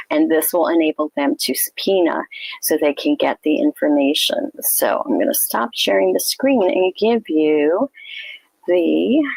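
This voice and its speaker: Chatty woman livestream host, low gravelly voice. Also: darkish tone, no room sound, poor audio. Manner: chatty, with frequent ums and restarts. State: throat tickle, coughing. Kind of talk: casual livestream talk.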